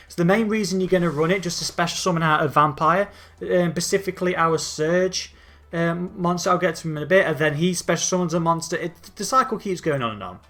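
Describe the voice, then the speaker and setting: A man with a fairly high voice talks casually through a card game deck. He is chatty and often stumbles over names and restarts his sentences. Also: fairly bright tone. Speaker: gaming channel host.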